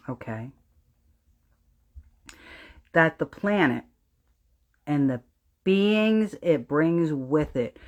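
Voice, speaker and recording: On a lo-fi recording, a New Jersey woman runs a spiritual astrology livestream, preaching emphatically to her viewers. She swears freely and drops into an intent low voice when she wants to stress a point.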